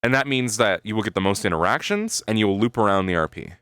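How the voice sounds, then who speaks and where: A male streamer talks fast and animatedly to his chat in a low-leaning, slightly bright, smooth voice. He rambles as he thinks aloud, swears freely, and keeps tacking "right?" onto his sentences, all captured in clean, echo-free studio sound.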